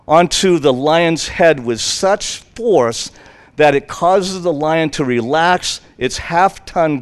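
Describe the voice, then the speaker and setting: A man preaching an informal sermon in a rambling, conversational way, full of fillers, acting out the quotes. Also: a little high. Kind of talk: informal sermon retelling a Bible story.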